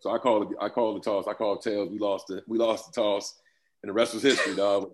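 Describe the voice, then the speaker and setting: A man's voice: fairly low pitch, flat delivery, fast, over a noisy crowd. A man in his fifties, a former pro football player, talking loosely as an interview guest and laughing often. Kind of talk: casual interview talk.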